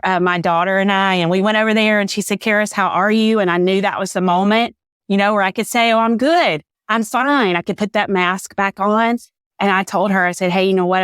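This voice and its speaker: A woman's voice: mid-range voice, a bit bright, smooth, no room sound, clean studio sound. A woman, a podcast guest giving an earnest, faith-filled personal testimony, a little teary. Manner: earnest, faith-filled storytelling, says "y'all".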